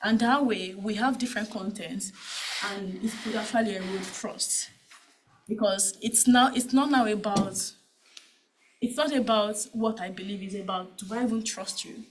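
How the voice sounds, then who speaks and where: Woman, Nigerian accent, conference panel talk, mid pitch, casual and conversational, frequent tag questions. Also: normal speed, slight background noise, low-quality recording. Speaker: panel speaker on cybersecurity.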